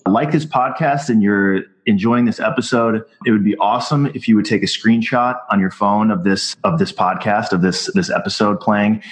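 Male podcast host from Minnesota, lowish voice, blunt and candid. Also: normal speed, few pauses. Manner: blunt, candid, casually profane. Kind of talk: casual podcast chat.

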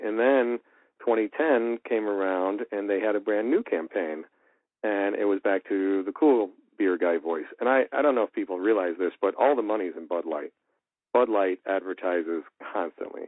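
A man telling a story as a voice actor in an interview, lively and acting out the lines he quotes. His voice sits a little low and comes over a tinny, phone-like line. The sound is dry and close. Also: no room sound. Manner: animated, acts out quoted dialogue. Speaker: voice actor guest.

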